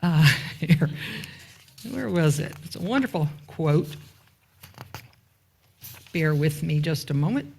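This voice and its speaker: A woman's voice: low voice, expressive, takes it slowly, gravelly, pauses often, darkish tone, slight background noise. Chatty woman minister preaching. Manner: asks the congregation rhetorical questions and waits for answers; informal and chatty, with asides. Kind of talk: conversational sermon. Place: church sanctuary.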